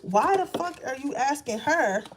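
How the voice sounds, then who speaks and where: A brash old grandmother spirit, put on by a woman, speaks bluntly and bossily with no patience for dithering. Her voice sits a little high, and her manner is loud and sassy. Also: animated, a little slow, background noise. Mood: impatient. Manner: blunt, bossy, impatient.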